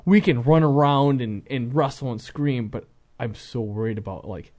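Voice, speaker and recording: A man in his thirties chatting casually, telling animated stories about his young son and acting out bits. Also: mid-range voice, normal speed. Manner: animated storyteller, acts out scenes with shouts. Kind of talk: casual chat.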